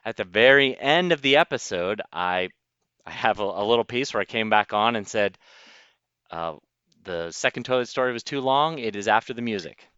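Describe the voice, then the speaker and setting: A man's voice: lowish voice, expressive, moderate pace, bright, forceful tone, clear, resonant tone, dry recording. A man co-hosting a podcast, chatting casually and laughing easily, heard through a backup mic. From United States. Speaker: podcast co-host. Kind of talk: casual chat. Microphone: backup mic, low fidelity. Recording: dull, dry lo-fi mic sound.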